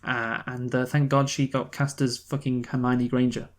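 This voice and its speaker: A man's voice: medium pitch, flat delivery, normal speed. A young man co-hosting a film review show, casual and joking, with frequent hesitant restarts. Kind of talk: casual chat.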